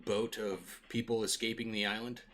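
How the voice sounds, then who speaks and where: A man's voice: fairly low pitch, level tone, moderate pace, a bit bright, lightly acted. A man voicing a polite, fussy male village council leader who talks hesitantly and courteously. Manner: hesitant, courteous, full of hedges.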